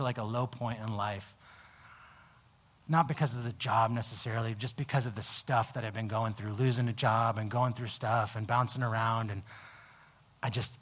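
A man preaching a sermon, telling a personal story with halting restarts, lively in the telling and quiet in reflection. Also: medium pitch. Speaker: pastor.

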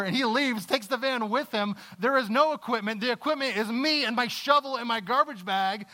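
A man preaching a sermon, telling a personal story with halting restarts, lively in the telling and quiet in reflection. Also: very high-pitched. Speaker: pastor.

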